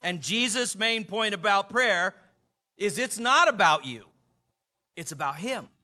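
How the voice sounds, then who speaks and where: An older man preaching a sermon, measured and emphatic, lifting his voice for quoted lines. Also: sits high, lively intonation, pushed and bright. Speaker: pastor.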